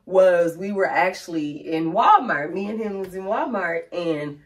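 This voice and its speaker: A woman co-hosting a casual chat, telling stories in an animated way and acting out the people in them. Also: on the low side, measured pace, distant mic, a loud crowd. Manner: animated storyteller, acts out the people in her stories. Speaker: co-host.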